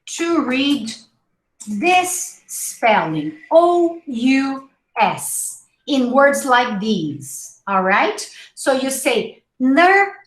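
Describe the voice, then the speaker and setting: A woman's voice: high-pitched, big pitch swings, drawn-out words. A woman teaching English pronunciation in a live class, saying each word several times and coaching her students. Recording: echoey room.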